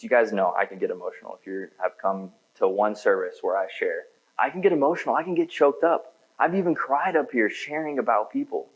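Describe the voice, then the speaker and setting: A man's voice: lowish voice, muffled recording. A man giving a sermon in a church, preaching in a casual, conversational way with frequent filler words. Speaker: pastor.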